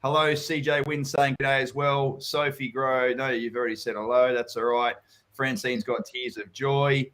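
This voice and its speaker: An Australian man in his thirties hosts a relaxed live-stream chat over a video call. He talks bluntly, swears often, and keeps things chatty. His voice sits at a middle pitch. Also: normal speed. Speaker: host, property coach.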